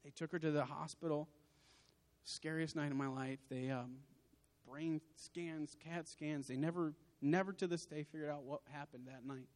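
A young adult man giving an emotional sermon testimony, building to forceful outbursts. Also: fairly high pitch, steady tone, moderate pace. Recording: long hall reverb.

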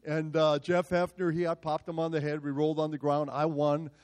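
A male pastor telling a story in a sermon, animated and self-mocking. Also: fairly high pitch, a little fast.

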